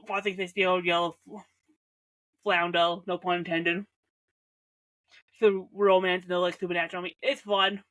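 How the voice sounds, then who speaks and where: A woman's voice: mid-range voice, fairly bright tone. Rambling young woman reviewing TV. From Canada. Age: young adult. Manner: chatty, self-interrupting, heavy on "like", jokey asides. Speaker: TV show reviewer.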